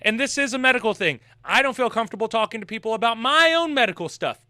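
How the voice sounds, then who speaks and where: A man's voice: very high-pitched, lively intonation, fast talker, bright, forceful tone, dry recording, studio quality. A man giving sarcastic, laughing commentary on a video he is reacting to.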